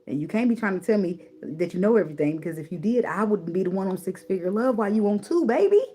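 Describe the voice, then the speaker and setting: A woman's voice: mid-range voice, fast talker, warm tone, a little hiss or hum. A woman giving tarot advice in a blunt, preachy way, swearing freely and repeating words for emphasis. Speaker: tarot reader. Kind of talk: casual spiritual advice monologue.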